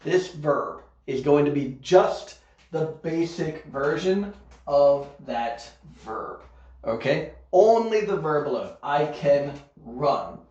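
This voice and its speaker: A man's voice: on the high side, lively intonation, slow pace, a little mellow. A man teaching an online English grammar lesson, modeling example sentences carefully and checking in with "okay?" as he goes. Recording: echoey room, dull lo-fi sound.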